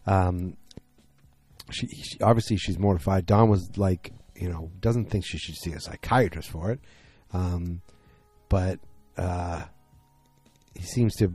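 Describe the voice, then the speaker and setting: A man's voice: deep voice, a little slow, mellow, slightly rough, no echo, soft background music. A tired man recapping a TV episode late at night in a casual, rambling way, full of fillers and restarts.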